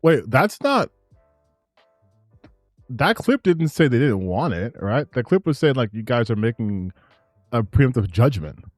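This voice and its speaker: Lively, animated male commentator. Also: mid-range voice, measured pace, long pauses, no echo, faint music behind. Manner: excited, rambling, frequent restarts. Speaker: gaming and politics commentator. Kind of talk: reacting to clips, casual commentary.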